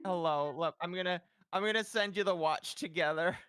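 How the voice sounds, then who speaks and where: A woman's voice: on the low side, a little fast, fairly bright tone, smooth, no room sound, clean studio sound. A woman hosting a casual watch-along stream, chatty and laughing often. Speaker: stream host.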